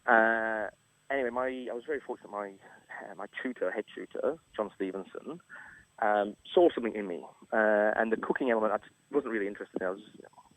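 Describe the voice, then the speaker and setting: Bloke, middle aged chef, animated storyteller, dry studio sound. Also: male voice, lowish voice, a little fast, dry recording, rough recording. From England. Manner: animated storyteller, acts out quotes, laughs often. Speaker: chef, radio guest. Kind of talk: casual storytelling interview. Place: radio studio. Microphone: studio microphone.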